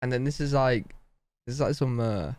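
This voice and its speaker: A man's voice: mid-range voice, moderate pace, darkish tone, no echo. A young man from Britain reacting to a travel video in casual commentary, joking and laughing between remarks.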